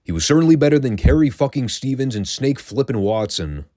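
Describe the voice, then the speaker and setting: A man's voice: mid-range voice, very animated, a little fast, warm tone, no echo, clean studio sound. A man hosting a classic wrestling review show, recapping matches in a wry, sarcastic, casual tone and swearing freely.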